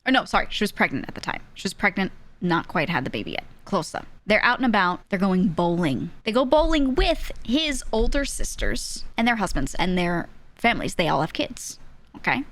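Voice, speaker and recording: A woman's voice: mid-range voice, sing-song, fairly quick, fairly bright tone. A woman streamer telling a story casually, laughing often between lines, candid and swearing freely.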